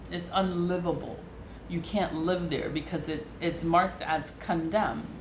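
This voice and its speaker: A woman rants in a heated, profane monologue, hammering her points with repetition. Her voice sits a bit low. The room sounds roomy, with a faint hum of noise behind her. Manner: heated, profane, repeats herself for emphasis. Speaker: online seller and vlogger. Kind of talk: candid venting monologue.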